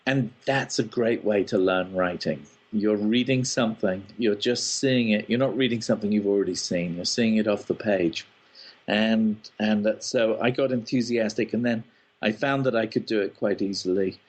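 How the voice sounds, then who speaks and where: A man's voice: lowish voice, moderate pace. A man, a screenwriter, answering interview questions thoughtfully with ums and restarts. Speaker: guest, screenwriter.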